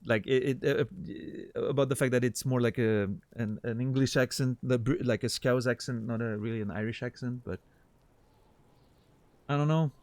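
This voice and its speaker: A man doing casual gameplay commentary on a stream, thinking out loud with a dry, deadpan sense of humor. His voice sits in an ordinary middle range and is recorded close and dry, with no room around it. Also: mid-range voice, moderate pace, no room sound.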